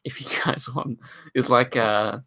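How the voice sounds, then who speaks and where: A man with a British accent and a deep voice, hosting a live stream in a casual, chatty way and answering viewer questions into a microphone. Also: fairly even intonation, a little slow, a bit bright. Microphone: studio microphone.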